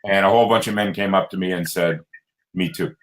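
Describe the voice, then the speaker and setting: Earnest low-voiced man telling his story. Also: fast, a little hiss or hum, low-quality recording. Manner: earnest, animated, pitch jumps high for emphasis. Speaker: guest, coach and speaker. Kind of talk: candid personal storytelling.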